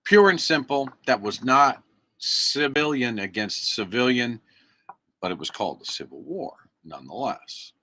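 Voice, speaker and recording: Indoors at his computer, an American man streams an angry, emphatic rant into his mic, lecturing his viewers like an activist preacher. He speaks at a medium pitch, animated and a little slow, with a sharp tone.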